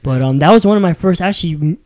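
A man's voice: high voice, quick pace, darkish tone. Eager rambling man reminiscing. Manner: eager, rambling recollection with many fillers. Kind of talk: casual chat.

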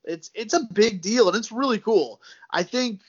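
High-pitched dude chatting away, keeps restarting his words, kinda dull lo-fi audio. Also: moderate pace, breathy edge. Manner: easygoing, repeats and restarts words, says dude and man. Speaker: sports podcaster guest. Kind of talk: casual chat. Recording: slightly dull lo-fi sound.

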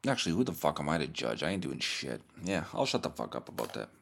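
A man's voice: rumbling low, big pitch swings, fast talker, creaky, fairly bright tone. A man hosting his podcast from his bed, ranting in a crude, sardonic, rambling way without a proper microphone. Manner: profane, sardonic, rambling rants. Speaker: podcast host. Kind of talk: crude comedic monologue. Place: in bed at home. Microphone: cheap or built-in mic.

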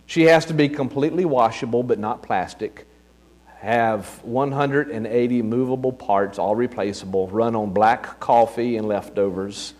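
A man voicing the Lord as a proud, eager creator in a read-aloud story, listing details with excitement. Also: mid-range voice, normal speed, close to an everyday voice. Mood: excited.

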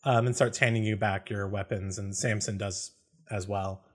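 A man's voice: fairly low pitch, steady tone, normal speed. A man narrating a tabletop game as game master, hesitant, with frequent fillers.

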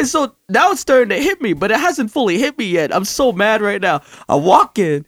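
A man's voice: very high-pitched, sing-song, fairly quick, few pauses, fairly bright tone, no room sound, studio quality. A man telling a rowdy, profane story in casual chat, laughing often as he goes. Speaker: podcast co-host telling a story.

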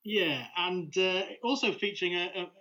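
A man's voice: high voice, lively intonation, normal speed, pushed and bright. A man co-hosting a podcast in casual chat, hesitant and full of fillers. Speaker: podcast co-host. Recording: dull lo-fi sound.

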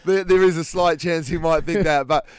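A man's voice: a little high, fairly even intonation, normal speed, smooth, no echo. A young man co-hosting a casual podcast, throwing in dry teasing quips. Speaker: podcast co-host. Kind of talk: casual chat.

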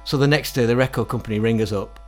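Lively middle-aged Northern English man telling stories. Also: medium pitch, fast, soft background music. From England. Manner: animated, quotes others in acted-out voices, laughs often. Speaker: guest musician. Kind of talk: casual storytelling interview.

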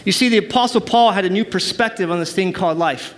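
A man's voice: high-pitched, fast talker. A man preaching a sermon to his church, emphatic, calling out to the congregation for responses. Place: church service.

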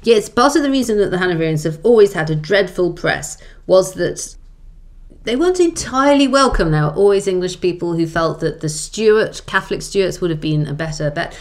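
A woman historian, a guest in an interview, telling history in a vivid, emphatic way with sudden jumps in pitch. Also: animated, brisk. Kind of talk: conversational storytelling in an interview.

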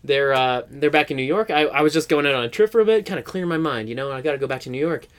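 A man voicing a talkative street-smart male rat who pleads and rambles, a little higher than his own voice. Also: animated, fast, darkish tone, slightly rough. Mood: wistful.

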